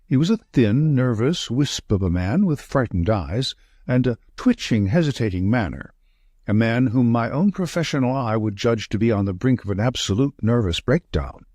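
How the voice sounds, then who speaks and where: Husky man narrating a detective audiobook. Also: medium pitch, animated, normal speed, a little mellow, no echo, studio quality. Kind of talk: scripted narration.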